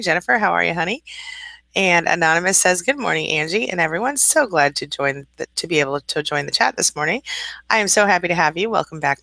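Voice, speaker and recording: Gravelly-voiced woman hosting a friendly live chat. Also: lowish voice, sharp tone, no room sound, poor audio. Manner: chatty and affectionate, greets viewers as honey. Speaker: host and coach. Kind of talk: live-stream chat, reading viewer comments.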